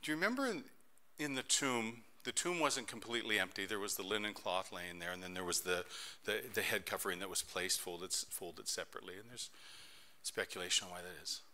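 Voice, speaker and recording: With a low-pitched voice and a fairly quick pace, a middle-aged pastor preaches and tells stories. His delivery is animated, rising loud and dropping soft.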